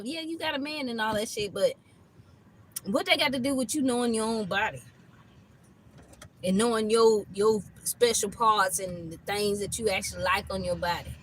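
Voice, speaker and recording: A woman's voice: medium pitch, normal speed, a little hiss or hum, low-quality recording. A woman tarot reader ranting in a casual reading, blunt and profane, laughing often between lines.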